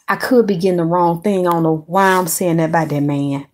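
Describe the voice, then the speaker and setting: Woman host, casual gossip chat, animated, swears freely. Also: fairly low pitch, brisk, few pauses, soft background music. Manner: animated, swearing, talks straight to her viewers. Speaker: celebrity gossip channel host.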